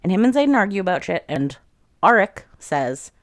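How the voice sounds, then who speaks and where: A woman's voice: mid-range voice, very animated, fairly quick, dry recording, clean studio sound. A woman recapping a fantasy novel in casual chat, swearing freely and quoting the characters as she goes. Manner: chatty, swears freely, quotes characters with 'she's like'. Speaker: book reviewer.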